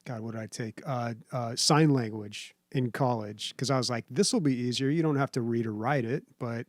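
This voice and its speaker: A man's voice: medium pitch, normal speed, no echo. A young man from San Diego, chatting on a podcast in a rambling, self-deprecating way, laughing often. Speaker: podcast host. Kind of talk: casual chat.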